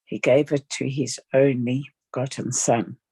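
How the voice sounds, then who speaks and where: A study group member reads a spiritual text aloud very slowly and haltingly. The voice is gravelly and husky, and the recording is dry and close. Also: medium pitch, steady tone, warm tone, no room sound. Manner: slow, halting reading with small slips.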